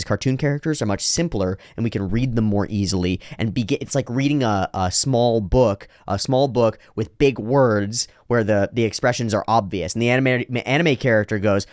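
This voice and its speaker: A man's voice: fairly low pitch, dry recording, clean studio sound. A man hosting an anime reaction, thinking aloud in rambling reflective commentary with frequent restarts. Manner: drops into slow exaggerated voices for quoted lines.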